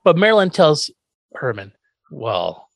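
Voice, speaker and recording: Animated male co-host, swears freely, dry studio mic. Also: mid-range voice, normal speed, no echo. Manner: animated, profane, acts out characters. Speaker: podcast co-host. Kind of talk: casual chat recapping an episode.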